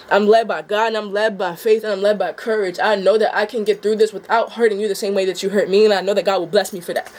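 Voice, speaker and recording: A woman's voice: medium pitch, a little mellow. A young adult woman vlogging about her faith, reading scripture and then talking in a heartfelt, slangy way, often saying "bro.".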